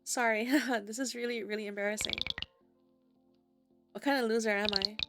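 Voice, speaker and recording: A woman's voice: on the high side, steady tone, over music, natural voice. A woman reading as a weary, apologetic young woman. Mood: embarrassed. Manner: halting, self-deprecating.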